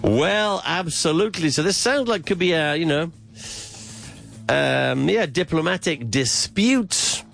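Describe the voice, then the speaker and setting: Male news host, reads formally then explains simply, bright voice. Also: fairly high pitch, animated, unhurried, creaky, soft background music. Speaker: host of a mock news segment. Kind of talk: news-style reading for learners.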